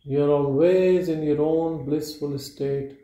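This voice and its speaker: Slow, dark-voiced man teaching in an echoey room. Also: on the high side, fairly even intonation. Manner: slow, measured short declarations with long pauses. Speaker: spiritual teacher. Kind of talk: meditative spiritual talk. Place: live gathering at a spiritual centre. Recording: roomy echo.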